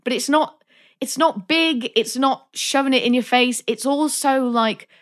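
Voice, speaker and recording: A woman, co-hosting a casual film discussion, lively and acting out her reactions. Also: high-pitched, unhurried. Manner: animated, acts out reactions in quoted asides. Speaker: podcast co-host.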